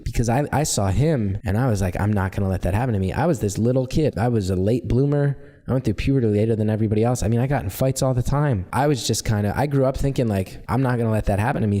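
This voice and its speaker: Candid American man telling stories. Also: medium pitch. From United States. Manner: candid, animated storytelling. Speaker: comedian guest. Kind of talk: casual storytelling interview.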